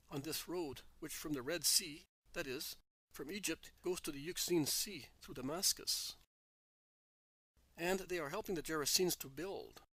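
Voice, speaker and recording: Boastful older merchant in an audiobook, read by a man, slightly high voice, dry. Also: a bit bright, no echo, exaggerated voice. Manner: boastful, then resigned. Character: ambitious older male merchant, dreaming of wealth.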